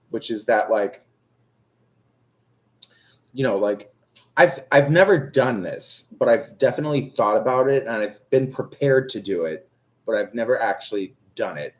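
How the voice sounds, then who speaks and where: Very animated and at a moderate pace, this young man's voice sits on the low side. He's a tarot reader chatting casually on a live stream, rambling along with self-deprecating humor and plenty of fillers and restarts.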